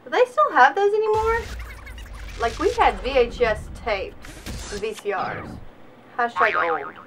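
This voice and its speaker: A young woman in her twenties from Alabama with a Southern US accent, giving a sarcastic, animated comedic vlog monologue. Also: fairly high pitch, measured pace, faint music behind. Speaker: vlogger.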